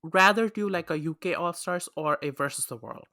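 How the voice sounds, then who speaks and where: Bright, giggly woman co-host. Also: fairly low pitch, moderate pace. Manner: giggly, enthusiastic interviewer. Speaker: podcast co-host. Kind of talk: casual podcast chat.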